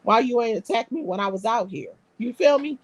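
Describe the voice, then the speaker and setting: A woman's voice: a little high, animated, a little fast, no room sound. A woman hosting a live stream, reading viewer comments aloud and bantering in a brash, profane, streetwise way. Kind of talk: casual live-stream chat.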